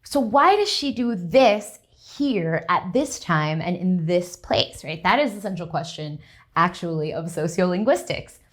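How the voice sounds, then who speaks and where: A woman's voice: lowish voice, expressive, unhurried. A young adult woman, a linguistics professor, giving a conversational conference lecture and often checking in with the audience.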